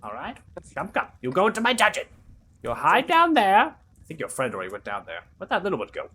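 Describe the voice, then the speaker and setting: A game master voicing a bossy, motherly female master who shoos her guests along in a fussy, hurried way. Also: mid-range voice, wildly swooping pitch, sharp tone, breathy edge, pitched above the performer's own voice, heavily acted. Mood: coaxing.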